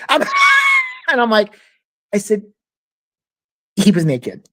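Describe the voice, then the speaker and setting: A man's voice: sits high, huge pitch swings, slow, pauses often, bright, forceful tone. A man co-hosting a podcast, telling a story in casual chat, laughing often and acting out what other people said. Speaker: podcast co-host.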